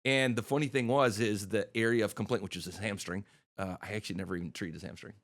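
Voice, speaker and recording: A middle-aged man, a chiropractor guest on a podcast, telling stories in a casual, animated way and acting out the dialogue he recounts. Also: lowish voice, fast. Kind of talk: casual storytelling interview.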